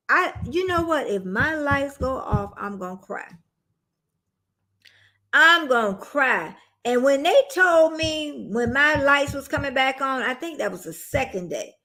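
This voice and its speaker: A woman's voice: high voice, creaky, fairly bright tone. A woman, chatting casually with viewers on a phone livestream, rambling and calling them y'all. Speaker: livestream host.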